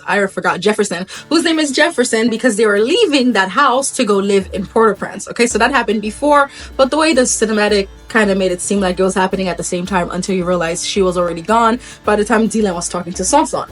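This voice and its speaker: A woman from Haiti retelling a folktale in a casual, chatty way with laughing asides. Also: medium pitch. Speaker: vlogger.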